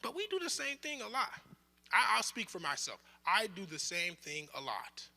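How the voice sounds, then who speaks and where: A young man leads a bible study in a loose, joking manner, acting out little quotes along the way. His voice sits high and sounds very bright and sharp. It carries through a roomy hall with a long echo. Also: normal speed, creaky. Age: young adult. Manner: conversational, joking, with lively asides and acted-out quotes. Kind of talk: casual bible study teaching. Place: room of a bible study group.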